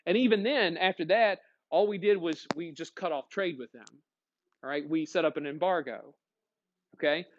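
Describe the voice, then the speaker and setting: A man teaching a history lesson to a class, lively and questioning, often checking in with his students. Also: a little high, moderate pace, lo-fi sound. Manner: energetic, asks questions to the class. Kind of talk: classroom lecture.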